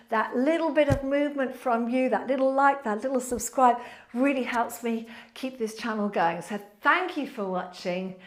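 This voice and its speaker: A woman instructor with a slightly high voice calls out pilates cues and chats on a live stream. She sounds cheerful and encouraging, a little out of breath from the workout.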